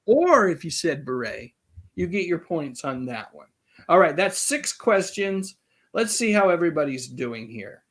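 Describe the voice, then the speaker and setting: A man hosting a live-stream trivia quiz, chatty and reading out the answer choices slowly. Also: a little high, very animated, a bit bright, husky. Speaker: host.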